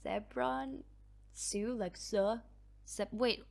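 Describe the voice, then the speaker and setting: A woman's voice: mid-range voice, drawn-out words, creaky. A woman hosting a book channel, chatting casually as she reads out viewer comments. She laughs often, mocks herself, and her voice is cracking.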